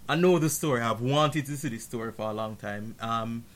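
A man's voice: medium pitch, moderate pace. Man rambling about a film on a podcast. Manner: rambling, jokey, shouts in mock outrage. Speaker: podcast co-host reviewing a film. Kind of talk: casual movie podcast chat.

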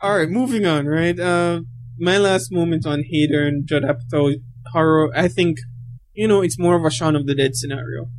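A man co-hosts a casual movie podcast. His voice sits a little high for a man, and he rambles and stumbles, repeating words as he goes. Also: fairly even intonation, normal speed, a little hiss or hum. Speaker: podcast co-host. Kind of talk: casual film chat.

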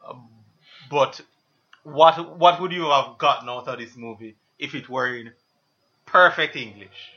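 A man's voice: mid-range voice, measured pace, dull audio. A man in a casual movie review chat, giving blunt opinions with dry sarcasm.

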